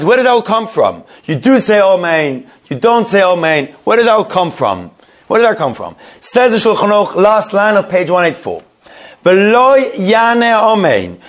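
A man teaching a Torah class. He reads a legal text aloud, translates it line by line, and puts lively questions to his students. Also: high-pitched.

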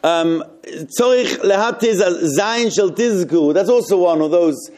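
A man with a high, slightly mellow voice leads a group text study. He reads passages aloud slowly, then explains them and puzzles over them.

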